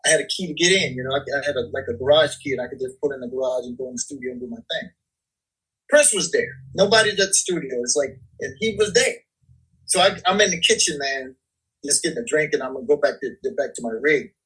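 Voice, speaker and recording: A man, a guest musician, telling a story in casual, slangy speech, animated and full of repeats. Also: mid-range voice, fast talker, slightly rough, low-quality recording.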